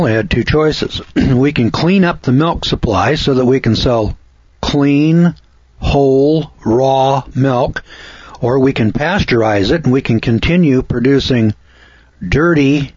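A man's voice: mid-range voice, unhurried, a little mellow, husky, no room sound. A man from Missouri, a dairy farmer, talking in a folksy, emphatic monologue that repeats lists of words for stress. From Missouri, USA. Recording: dull lo-fi recording.

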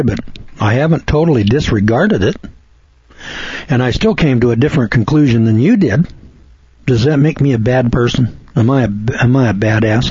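A man preaches on scripture in a homespun, wry manner, answering a letter writer as if he were in the room. His voice is slightly husky and he keeps clearing his throat. The recording is dry and a little muffled. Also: mid-range voice, darkish tone, no room sound. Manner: folksy, sardonic, talks back to a letter writer. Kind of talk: conversational Bible commentary.

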